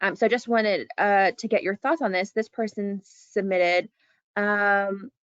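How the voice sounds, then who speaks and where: A woman moderating a webinar panel, friendly and relaxed, heard over a video call. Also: mid-range voice, a little slow, clear, resonant tone, dry recording, dull audio.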